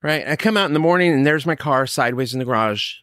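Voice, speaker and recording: A man from California, older, telling his recovery story in a lively, storytelling way, acting out what others said. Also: medium pitch, fast talker, dry recording, clean studio sound. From Sacramento, California. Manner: storytelling, animated, quoting others. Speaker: recovery speaker.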